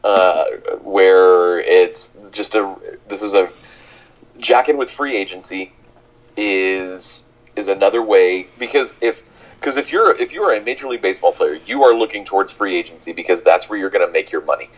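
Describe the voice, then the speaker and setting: A man's voice: deep voice, expressive, moderate pace, lo-fi sound. A man co-hosting a podcast, talking in a thoughtful, hedging, analytical way. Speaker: podcast co-host. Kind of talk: casual chat.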